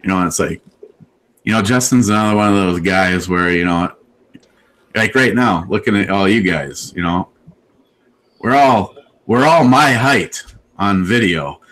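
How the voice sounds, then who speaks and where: A man's voice: sits low, a little slow, long pauses, a bit bright, low-quality recording. A man casually telling a rambling story on a live video chat, with lots of restarts and quotes he acts out. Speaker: live show host.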